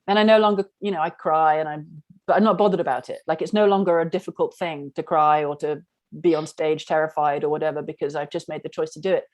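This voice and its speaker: A woman's voice: mid-range voice, a little mellow, dry recording. A middle-aged woman teaching an online class, telling a personal story frankly and rambling, full of "like". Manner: frank, rambling, heavy use of "like". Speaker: spiritual workshop teacher.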